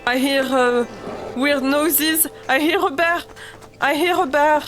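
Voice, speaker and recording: A woman's voice: sits high, steady tone, slow, a bit bright, faint music behind. A woman giving nervous, chatty commentary while playing a video game. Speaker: gaming streamer. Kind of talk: let's-play commentary.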